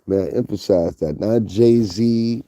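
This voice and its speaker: A man's voice: on the low side, slow pace, mellow, no room sound. A man with a Northeastern US accent doing blunt, profane casual gossip commentary, talking straight to his viewers. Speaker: commentary vlogger.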